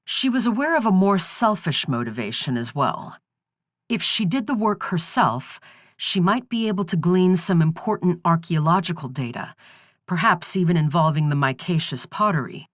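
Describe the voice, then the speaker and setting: A woman gives a measured, expressive reading of a thriller audiobook as scripted narration. Her voice sits on the low side. The recording is studio quality with no echo.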